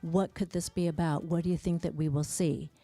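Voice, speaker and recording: A woman speech-language pathologist giving a parent education class, narrating a video with lively exclamations. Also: low-pitched, a little fast. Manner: animated, exclaiming while narrating a video for kids.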